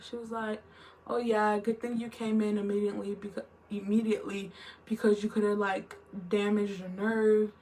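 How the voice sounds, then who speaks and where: A young woman telling a long, emotional story in a rambling vlog style, full of fillers and restarts. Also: a little high. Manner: rambling, emotional retelling with lots of "like" and "literally". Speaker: vlogger.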